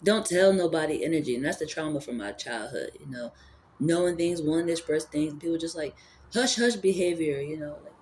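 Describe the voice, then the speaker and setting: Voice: mid-range voice, fairly quick, a little mellow, a little hiss or hum. A spiritual vlogger thinking aloud in a casual, rambling monologue, full of fillers and restarts. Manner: rambling, musing, with repeated fillers; energy and spirituality talk.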